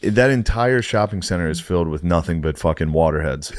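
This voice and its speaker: A young man in casual podcast chat, telling an animated, profane anecdote and acting out what people said. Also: low voice, brisk. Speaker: podcast storyteller.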